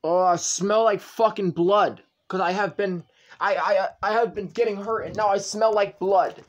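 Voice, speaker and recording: A man with a noticeably high-pitched voice, talking straight into the camera in a vlog rant. He circles back over the same complaints again and again, swearing freely as he goes. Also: steady tone, normal speed, lo-fi sound. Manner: repetitive, swearing, ranting address to YouTube. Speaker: channel owner.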